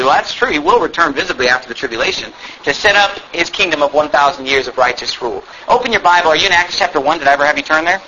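A man's voice: fairly high pitch, animated, quick pace, bright, forceful tone, muffled recording, a little hiss or hum. A man preaching a sermon, emphatic and sarcastic, reading scripture aloud with rising force. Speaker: pastor.

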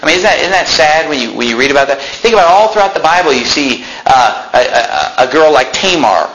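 A man's voice: expressive, fairly quick, slight background noise. Fiery preacher man in an echoey room. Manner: fiery, swings between loud shouting peaks and low intense passages. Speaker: pastor. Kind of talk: preaching a sermon.

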